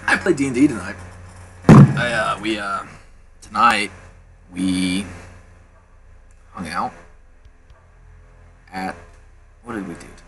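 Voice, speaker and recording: A man's voice: lowish voice, slow, pauses often, background noise. A man giving casual gameplay commentary, rambling and swearing as he tells loose stories while he plays. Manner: rambling, profane, laid-back storytelling. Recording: voice over loud game music.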